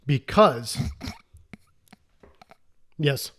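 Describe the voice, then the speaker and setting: A man's voice: medium pitch, lively intonation, drawn-out words, a bit bright, breathy edge. A man co-hosting a casual movie podcast, enthusiastic and rambling, often restarting his sentences. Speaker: podcast co-host. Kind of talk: casual movie review chat.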